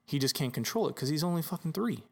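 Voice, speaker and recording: A man's voice: a little high, quick pace. A man in casual podcast chat, telling stories about his young son and acting out the dialogue, swearing now and then. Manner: relaxed storyteller, swears casually, acts out dialogue. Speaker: podcast co-host, father.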